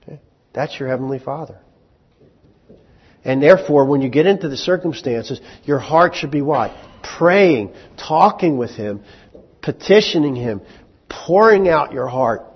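Preaching in a conversational style, this male pastor questions his congregation and performs snippets of dialogue in rapid voices. He sounds animated, husky and medium in pitch, and the space feels big, though the recording is muffled and lo-fi.

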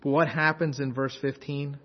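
A man preaching a sermon as pastor, swinging between loud urgency and hushed, intense passages. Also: mid-range voice, steady tone, moderate pace, in a large hall, muffled recording.

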